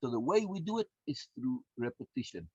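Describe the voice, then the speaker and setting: A man's voice: medium pitch, sing-song, fairly quick, darkish tone, breathy edge, no room sound. A man, a course instructor and coach, giving a recorded lecture in an emphatic way, repeating words and often adding tag questions. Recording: dull, dry lo-fi sound.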